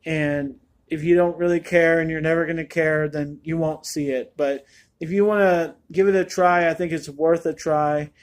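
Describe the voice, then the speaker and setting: A man's voice: fairly high pitch, fairly even intonation, moderate pace. Rambling man giving a movie review. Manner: candid, rambling, with many fillers. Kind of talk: casual spoken review.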